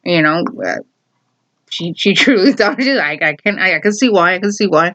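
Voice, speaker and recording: A woman voicing her father, calm and understanding, in a lower, reassuring tone. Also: moderate pace. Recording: dull lo-fi recording.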